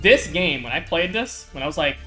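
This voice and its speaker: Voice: medium pitch, animated, a little fast, bright, forceful tone, faint music behind. Laughing, profane game commentator. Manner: laughing, profane, rambling asides. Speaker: let's play commentator. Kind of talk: casual gameplay commentary.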